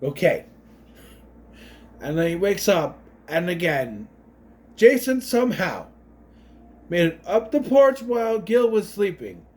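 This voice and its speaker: Man, casual movie recap, rambling, fairly high voice, very lively pitch, tangents, quick character impressions. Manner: mimics characters' voices mid-story. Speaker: movie reviewer.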